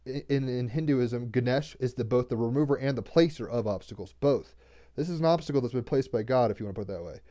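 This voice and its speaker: Rambling man with a mellow voice. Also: mid-range voice, quick pace. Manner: rambling, repeats words, swears casually. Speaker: tarot card reader. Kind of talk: casual spiritual card-reading talk.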